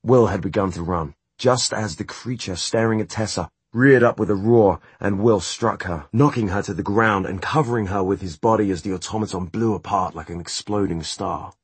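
A man narrating a novel as an audiobook in a steady, measured reading. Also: lowish voice, breathy edge, dry recording. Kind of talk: scripted narration.

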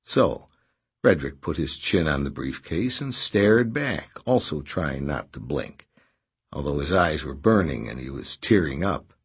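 A man narrating a story in a measured, expressive way. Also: very deep voice, husky. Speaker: audiobook narrator. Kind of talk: scripted narration.

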